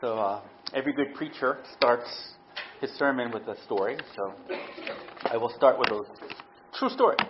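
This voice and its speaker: A man's voice: mid-range voice, normal speed, noisy background. A middle-aged man preaching a sermon as pastor, telling stories animatedly and often asking "right?". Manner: animated storytelling, frequent "right?" tag questions. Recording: dull lo-fi sound.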